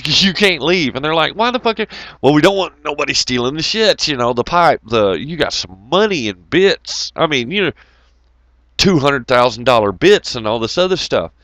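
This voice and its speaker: A man's voice: fairly high pitch, animated, normal speed, a bit bright, dry recording. A man telling rambling oil-field stories in a casual, profane way, often laughing.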